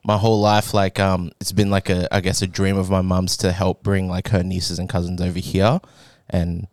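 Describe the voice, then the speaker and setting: A man's voice: low-pitched, little pitch movement, moderate pace, a little mellow, no echo. A young adult man co-hosting a podcast, telling a rambling family story in a casual chat, laughing often. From Australia. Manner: rambling, laughing, acts out quoted voices. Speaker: podcast co-host.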